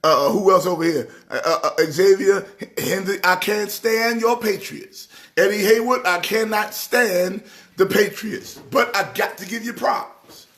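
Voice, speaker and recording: A middle-aged man from New York hosts a casual live stream about sports. His voice sits high, and he teases viewers in an animated way. At times he slips into the rhythm of a preacher's exhortation. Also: measured pace. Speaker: church organist hosting a live stream.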